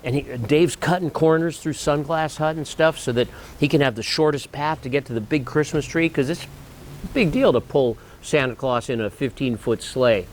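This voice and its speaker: A man's voice: on the high side, normal speed, a little hiss or hum. Easygoing older man telling a story. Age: 60s. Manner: easygoing, rambling, with restarts and asides. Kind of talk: casual storytelling.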